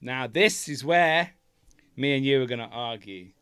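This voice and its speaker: A man's voice: mid-range voice, unhurried, smooth, dry recording, clean studio sound. Ranting man, podcast co-host. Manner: ranting, heavy swearing, animated outbursts. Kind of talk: casual chat.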